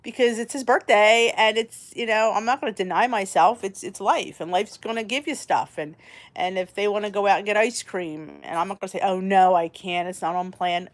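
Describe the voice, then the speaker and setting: A woman in her forties hosts a casual chat in an everyday middle-pitched voice. She talks in a chatty, rambling, candid way, with plenty of restarts. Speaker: host.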